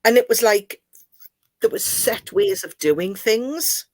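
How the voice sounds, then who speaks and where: A woman from Newcastle with a higher voice and a strong Geordie accent talks in a chatty, animated way and laughs often. She is on a casual video call, and the sound is dry and close. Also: slow pace, no room sound. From Newcastle, northeast England. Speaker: guest.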